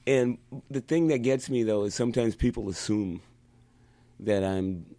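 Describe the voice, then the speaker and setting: A man's voice: lowish voice, measured pace, dry recording. Guy on a podcast telling stories, laughs a lot, cusses, dry close mic. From United States. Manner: animated storyteller, laughs often, swears freely. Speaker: guest musician. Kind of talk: casual podcast chat.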